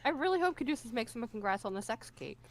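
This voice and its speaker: A woman co-hosting a casual podcast recap, trading quick quips and laughing often. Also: on the high side, big pitch swings, slight background noise. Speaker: podcast co-host.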